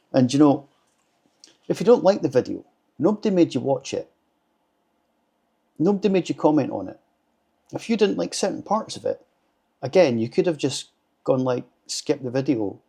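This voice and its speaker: A Scottish man reads out viewer comments and answers them in a blunt, sarcastic way, swearing freely. His voice sits at a middling pitch with a dark, mellow tone. It is a relaxed, casual vlog chat. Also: vocal fry. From Scotland. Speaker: vlogger reading viewer comments.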